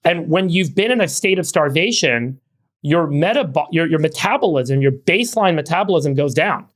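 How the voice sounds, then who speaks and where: A middle-aged man co-hosts a podcast and explains things at length. His voice is slightly high. He talks fluently but often repeats words as he goes. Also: animated, moderate pace. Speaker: podcast co-host.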